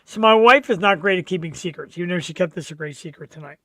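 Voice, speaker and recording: A man's voice: sits high, quick pace, fairly bright tone, no room sound. A middle-aged man hosting a show, telling a birthday story with lots of swearing. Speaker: show host. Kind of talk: casual birthday chat.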